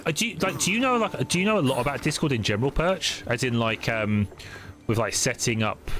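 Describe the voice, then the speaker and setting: A young man streaming a game, chatting casually with viewers in a rambling, halting way with many restarts. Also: medium pitch, expressive. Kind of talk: casual chat while gaming. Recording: noisy stream audio.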